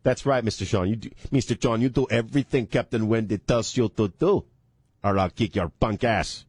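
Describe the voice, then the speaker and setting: A man's voice: fairly low pitch, normal speed, a little mellow, slightly rough, no room sound. A man putting on Captain Wendy, a bossy pirate captain. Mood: threatening. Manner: bossy, threatening, mock-tough.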